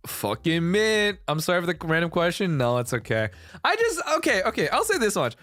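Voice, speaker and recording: A man's voice: a little high, a bit bright, no echo. A man chatting casually on a live stream, rambling, restarting sentences and swearing often. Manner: rambling, heavy swearing, frequent self-restarts.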